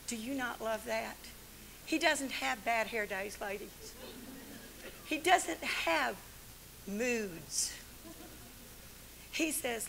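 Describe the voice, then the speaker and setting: Older woman preaching, high and bright. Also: takes it slowly, creaky, long pauses, a little hiss or hum. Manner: animated, folksy storytelling with laughs. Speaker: Bible study teacher and speaker. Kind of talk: sermon to a women's gathering. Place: church.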